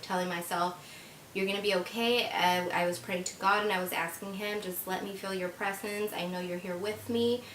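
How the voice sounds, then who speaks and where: A young woman talks straight to her viewers, rushing through an emotional story with lots of likes and false starts. Her voice sits at a middle pitch. The room is echoey, with a faint rumble underneath. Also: fairly bright tone. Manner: emotional, fast-flowing retelling with many likes and restarts. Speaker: vlogger. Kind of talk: casual storytelling to camera.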